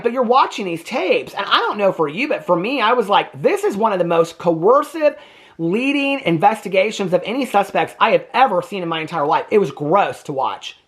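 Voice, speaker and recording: A man hosting a casual reaction commentary on a true crime documentary, talking in an indignant, emphatic way. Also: high-pitched. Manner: animated, indignant.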